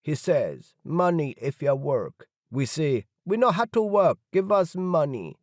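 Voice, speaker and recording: A man's voice: on the high side, big pitch swings, measured pace, dry recording, clean studio sound, pitched above the performer's own voice. A man voicing a desperate woman factory worker who speaks broken English in a heavy accent. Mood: pleading, indignant.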